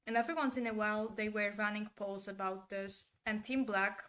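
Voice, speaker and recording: In casual livestream commentary, a woman talks to her chat in a relaxed way, voicing blunt opinions and swearing now and then. Her mid-pitched voice is brisk and a bit bright, with fairly even intonation.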